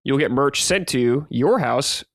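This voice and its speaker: A man's voice: mid-range voice, expressive, a little slow, dry recording. A man hosting a podcast, chatting casually with dry joking asides and reading listener mail. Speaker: podcast host. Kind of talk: casual chat.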